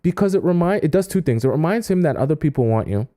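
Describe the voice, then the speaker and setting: A man giving dating advice on a live stream, animated and often acting out quoted voices. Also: fairly high pitch, fast talker. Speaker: dating coach.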